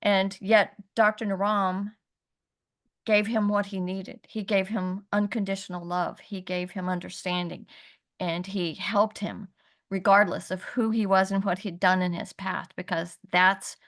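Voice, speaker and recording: Animated woman telling a personal story. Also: medium pitch, a little slow. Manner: animated storyteller, laughs often. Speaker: community call participant. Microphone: video call.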